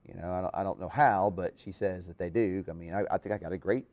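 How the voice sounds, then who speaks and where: A man's voice: low-pitched, fast, darkish tone. A man hosting a casual live chat show, talking in a rambling way with lots of restarts.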